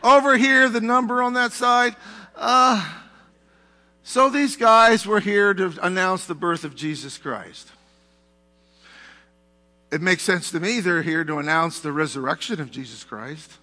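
High, bright-voiced preacher man in a reverberant church. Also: a little slow, long pauses. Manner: conversational preaching with asides to the congregation. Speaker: pastor. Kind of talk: sermon. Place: church sanctuary.

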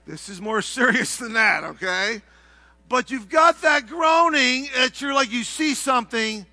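A middle-aged man preaching a sermon, swinging from hushed, low passages to shouted, heated ones. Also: animated, a little slow, no echo. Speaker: pastor.

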